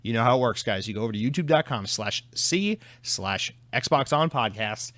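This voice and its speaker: A male podcast host in his twenties chats casually on a solo show in a mid-range, fairly bright voice with lively intonation, at a normal speed. The studio sound is dry with no echo, and his talk is loose, rambling, profane and self-deprecating.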